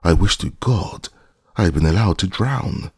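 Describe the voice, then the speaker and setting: A tall, passionate sailor from abroad, put on by a male audiobook narrator. He talks with a slight lisp and a pleading, despairing intensity, pitched well above the narrator's deep, gravelly register. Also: expressive, moderate pace, dry recording, clean studio sound, exaggerated voice. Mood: bitter. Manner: impassioned, pleading.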